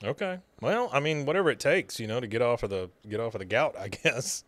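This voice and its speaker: A man co-hosting a podcast who recaps a cartoon episode in casual chat, telling it with animated gusto and acting out the quotes. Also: medium pitch, fast talker, dry recording. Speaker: podcast co-host.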